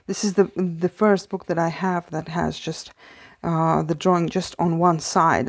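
A woman speaking English as a second language, chatting softly through a casual book haul vlog and slipping into hushed whispers of delight. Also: sits low, slightly rough. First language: not English. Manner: soft-spoken, often drops to a hushed whisper in awe; hesitant, with fillers and restarts. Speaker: vlogger.

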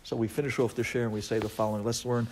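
A man, a rabbi, giving an impassioned sermon that swings from hushed to loud. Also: medium pitch, flat delivery, very fast, a little hiss or hum.

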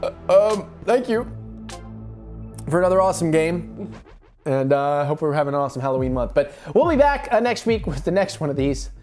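An excitable man talks his way through a co-op video game in loose, casual commentary. He yelps and curses at the screen, and his pitch leaps around constantly. Faint game music plays underneath. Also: fairly quick. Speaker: let's play co-host.

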